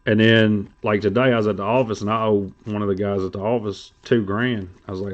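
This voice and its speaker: A man's voice: on the low side, fairly even intonation, fairly quick, muffled recording. A man hosting a trading card stream, rambling and joking crudely in casual chat.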